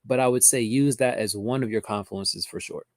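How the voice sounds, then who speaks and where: A man running a casual trading livestream talks with viewers and reads out their chat comments while he teaches. His pitch is medium and his pace moderate, in clean studio sound with no room noise.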